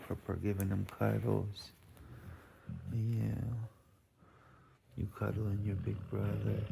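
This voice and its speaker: A man vlogging at home and softly cooing to his dogs in baby talk. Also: sits low, creaky, slight background noise. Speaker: dog owner vlogger.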